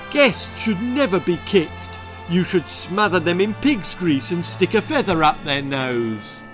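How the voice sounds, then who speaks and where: A man's voice: high voice, big pitch swings, a little slow, over music, pitched above the performer's own voice. A man voicing a bossy, silly know-it-all villager in a storybook reading, with a scolding tone.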